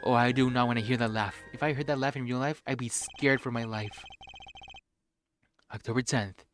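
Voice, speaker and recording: A man's voice: mid-range voice, steady tone, moderate pace, soft background music. Streamer man reading game narration. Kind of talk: game let's play, narrating and reacting.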